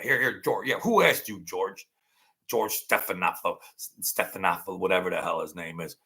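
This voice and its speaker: A middle-aged man with a gravelly voice, ranting angrily and profanely in a rambling political monologue. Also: lowish voice, animated, normal speed. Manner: angry, profane, rambling rant with sudden loud outbursts. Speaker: political commentary vlogger.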